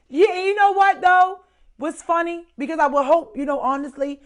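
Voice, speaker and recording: A woman chatting as a guest on a casual live show, animated, laughing often and repeating her words for emphasis. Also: fairly high pitch. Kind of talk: casual live-stream chat.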